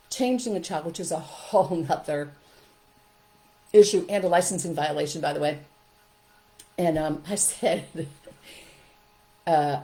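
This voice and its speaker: A middle-aged woman talks casually to parents, her slightly low voice swinging widely as she acts out how adults scold or soothe children. She teaches in an informal, coaching way, shifting between plain explanation and little performed examples. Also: mellow, low-quality recording. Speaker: childcare trainer and podcast host.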